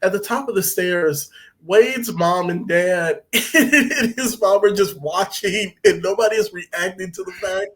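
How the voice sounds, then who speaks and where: A man's voice: high-pitched, a little slow, fairly bright tone. A man casually recapping a TV episode on a podcast, loose and profane, with lots of fillers and laughter.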